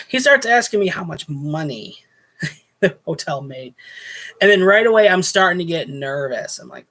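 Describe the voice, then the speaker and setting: A man's voice: a little high, sing-song, measured pace, bright, forceful tone. A man hosting a casual show, telling a story from his hotel night shift and acting out both sides of the argument with growing indignation. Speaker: host, former hotel night clerk.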